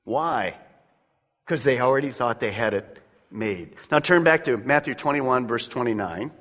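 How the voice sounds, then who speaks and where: With a medium-pitched, fairly bright voice and a slightly slow pace, a pastor gives an emphatic, conversational sermon that appeals directly to his listeners. The recording carries the long reverb of a large church sanctuary.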